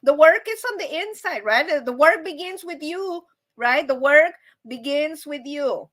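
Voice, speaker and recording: Woman livestream host, high bright voice, chatty, animated asides. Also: a little slow. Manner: chatty, repeats "right?" often; animated, acts out quoted voices. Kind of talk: casual livestream chat.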